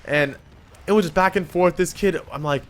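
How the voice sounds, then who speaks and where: A young man from Canada, vlogging a story in casual chat, animated and swearing freely as he acts out what people said. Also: high voice, moderate pace.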